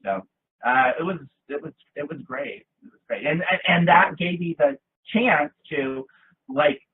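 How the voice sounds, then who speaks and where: A man guest in an interview, telling animated, theatrical stories in a casual chat. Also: a little high, a little slow. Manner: lively, theatrical storyteller with bursts of laughter. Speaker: guest, actor. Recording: tinny lo-fi line.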